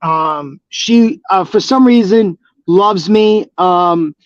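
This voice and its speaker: A man's voice: high voice, takes it slowly, no room sound. Man, wrestler guest, rambling storyteller, lots of ums, muffled dry audio. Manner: rambling storyteller, many fillers and restarts, laughs easily. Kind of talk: casual interview chat.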